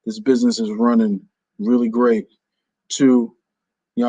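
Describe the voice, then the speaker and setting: A man's voice: medium pitch, level tone, measured pace, noisy background. A man from New Jersey hosting a business radio show, talking casually in a playful, theatrical way. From New Jersey, USA. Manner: playful and theatrical, jokingly overdramatic.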